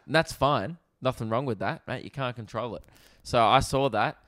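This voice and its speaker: A young Australian man, a comedian and podcast host, telling stories in an animated, rambling way with plenty of swearing, in a casual chat recorded in a rented apartment. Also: mid-range voice, moderate pace, no room sound, studio quality. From Victoria, Australia.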